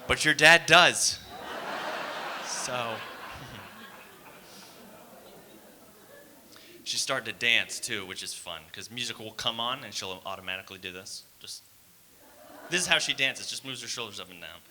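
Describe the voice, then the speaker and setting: A man's voice: on the low side, a little slow, long pauses, bright, forceful tone, slight background noise. A young man doing a stand-up comedy set on a theater stage, talking casually and rambling with fillers and asides to the crowd.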